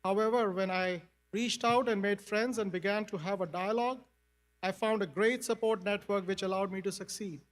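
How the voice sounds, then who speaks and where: A man's voice: high-pitched, steady tone, moderate pace. A man, a finance professor and faculty senate chair, giving a formal, earnest address to new students at a ceremony.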